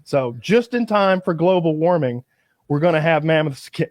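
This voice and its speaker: A man co-hosting a podcast, chatting casually and telling stories in an animated way. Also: fairly high pitch, normal speed, no echo. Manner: animated storytelling, mock announcer voices. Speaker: podcast co-host.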